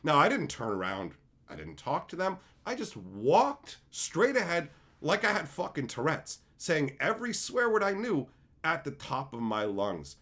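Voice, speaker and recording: A man's voice: fairly high pitch, very animated, measured pace, a bit bright. A man hosting a livestream who talks bluntly and with lots of profanity, telling combative stories. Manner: acts out quotes with big swings in voice. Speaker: streamer and show host. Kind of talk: casual rant on a livestream.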